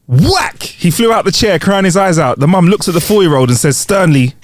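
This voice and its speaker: A man's voice: sits high, brisk, hardly any pauses. A man co-hosting a comedy podcast, telling jokes aloud and laughing often. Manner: animated, laughs a lot, acts out characters in jokes. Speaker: podcast co-host. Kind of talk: joke-telling podcast chat.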